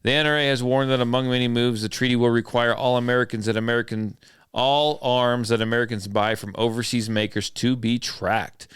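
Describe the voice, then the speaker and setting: A podcast host from southern Idaho chats casually, loose and joking at his own expense. His mid-range voice is steady, fairly quick, and fairly bright. The recording is clean studio sound with a clean tone and no room sound.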